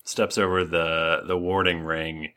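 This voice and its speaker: A man narrating as game master, halting and full of fillers and restarts. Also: low-pitched, level tone, bright, forceful tone.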